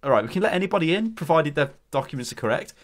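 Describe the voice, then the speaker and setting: A man's voice: a little high, very animated, racing. A young British man co-hosting a let's play, chatting casually, swearing and reacting in mock outrage. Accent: British English. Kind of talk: casual gameplay chat.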